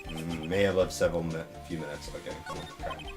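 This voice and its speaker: A man's voice: sits low, little pitch movement, fairly quick, music in the background. A young man co-hosting a gaming video, bantering casually, laughing often and hamming up the game's lines. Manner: laughs often, mock-dramatic voices for lines. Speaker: gaming channel co-host. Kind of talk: casual let's-play banter, reading game lines.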